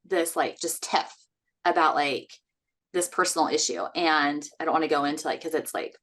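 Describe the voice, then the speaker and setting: A woman co-hosting a casual podcast, telling a story in a lively, chatty way with lots of fillers and frequent laughs. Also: deep voice, normal speed. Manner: animated storyteller, laughs often, acts out quotes. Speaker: podcast co-host.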